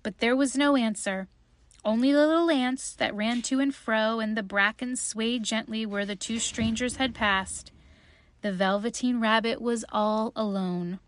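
A woman reading a children's story aloud in a gentle, unhurried way. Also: fairly high pitch, steady tone.

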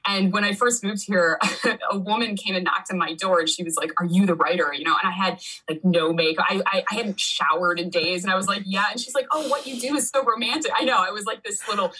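A woman author being interviewed from her home, telling stories in an animated way and laughing often. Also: medium pitch, fairly quick, slightly rough, rough recording. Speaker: author and historian guest. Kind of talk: casual interview chat. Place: home in a small village.

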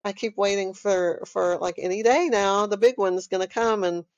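A woman's voice: mid-range voice, steady tone, moderate pace, darkish tone, no room sound, dull audio. Texan woman, podcast host, rambling emphatic solo talk, dead-dry room. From Texas. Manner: rambling, emphatic, with frequent fillers.

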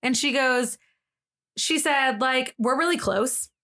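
A woman with a somewhat high voice co-hosts a casual podcast. She reads a story thread aloud in an animated, slangy retelling. She breaks into laughter often as she goes. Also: slow pace. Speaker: podcast co-host.

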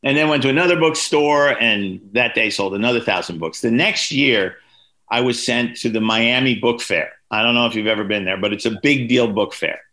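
Bright-voiced man telling lively anecdotes. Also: moderate pace. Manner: lively anecdotes, voices quoted people with big pitch jumps. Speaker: author and guest. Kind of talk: storytelling in a podcast interview.

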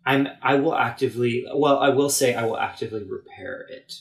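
A man's voice: mid-range voice, fairly quick, reverberant. A man speaking earnestly and emphatically in a casual conversation. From United States.

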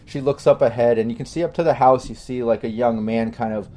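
A man narrating as game master of a tabletop game in a loose, halting way with many fillers. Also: mid-range voice, mellow.

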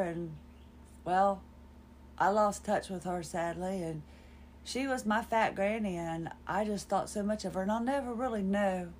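Woman, fifties, lowish voice, rambling wry storyteller, podcast host. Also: slight background noise. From North Carolina, USA. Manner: rambling, wry, self-deprecating. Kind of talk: personal storytelling monologue.

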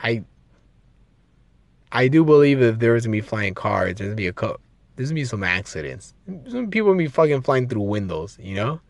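A man's voice: mid-range voice, brisk, vocal fry, no echo. A young man hosting a solo podcast, rambling casually with lots of swearing and restarts, his voice a bit strained from long talking. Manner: excitable, profane, rambling with many restarts.

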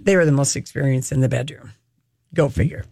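A tired woman co-hosting a podcast, chatty and quick to laugh in casual talk. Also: extremely low pitch, gravelly, darkish tone, slight background noise. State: tired, short on sleep. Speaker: podcast co-host. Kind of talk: casual chat.

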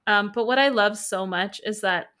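A woman's voice: mid-range voice, moderate pace, sharp tone. A woman co-hosting a podcast, animatedly retelling scenes in casual chat with lots of laughter. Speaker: podcast co-host.

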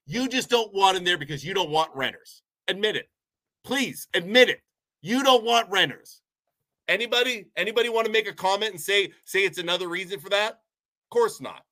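A man's voice: sits high, expressive, moderate pace, sharp tone. A man from Ohio delivering a heated, sarcastic rant as a local commentator, sounding a bit sick. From Poland, Ohio, USA. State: sick, unwell. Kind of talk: ranting monologue.

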